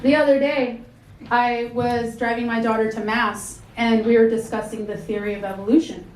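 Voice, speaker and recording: A woman in her thirties performing a stand-up comedy set with a dry, deadpan delivery on a club stage, speaking into a handheld mic. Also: fairly high pitch, normal speed, slight background noise. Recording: echoey club with loud audience laughter.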